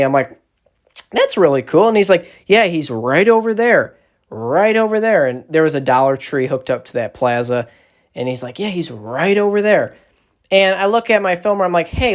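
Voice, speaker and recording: A man casually telling a long, rambling story on a phone livestream, animated and swearing often. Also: high voice. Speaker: social media creator.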